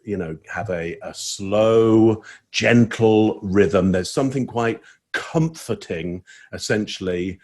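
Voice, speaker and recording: On a casual online panel, a man analyzes body language, speaking in a relaxed way and thinking aloud with fillers. His voice is lowish.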